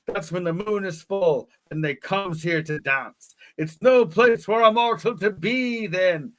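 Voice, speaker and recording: A man voicing a kindly old rural shepherd with a high, cracked old-man voice and folksy dialect. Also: lively intonation, slow pace, a little mellow, full character voice.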